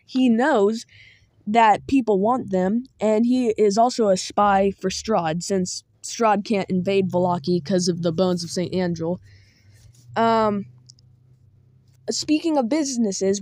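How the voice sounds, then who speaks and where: A woman's voice: medium pitch, a little mellow, dry recording, studio quality. A woman giving a casual spoken guide as a tabletop game master, chatty and meandering with small asides.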